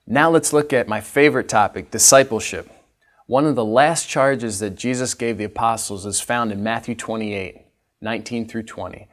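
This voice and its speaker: A man's voice: medium pitch, moderate pace. A man teaching a literacy training session, patiently demonstrating each step for teachers. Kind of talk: instructional training talk.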